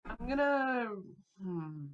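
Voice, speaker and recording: A woman's voice: a little high, lively intonation, slow pace, narrow, tinny audio, slight background noise. A woman playing in a tabletop role-playing game, chatting casually with many fillers. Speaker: player.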